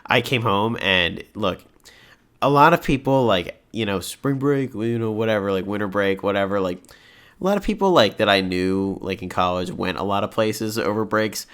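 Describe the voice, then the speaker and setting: A young man with a lowish voice tells a story on a podcast, animated and chatty. He pads his lines with casual fillers and keeps the tone easygoing. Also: moderate pace, clear, resonant tone. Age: young adult. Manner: chatty storyteller, animated, many "like" and "you know". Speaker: podcast co-host. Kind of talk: casual chat.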